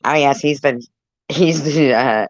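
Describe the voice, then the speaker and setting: A woman's voice: rumbling low, unhurried, no room sound. A woman hosting a casual livestream, reading chat comments aloud, laughing often and teasing viewers with crude, disgusted reactions. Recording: dull lo-fi sound.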